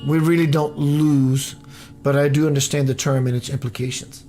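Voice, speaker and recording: A man hosting a radio show, reading a personal story aloud in an unhurried way and often breaking into laughter. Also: fairly high pitch, steady tone, mellow, faint music behind.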